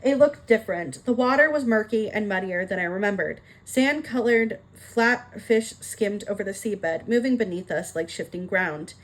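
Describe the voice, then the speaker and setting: A woman reading a children's novel aloud, narrating in a steady, expressive way. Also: medium pitch, normal speed, few pauses, low-quality recording. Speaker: reader. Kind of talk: audiobook narration.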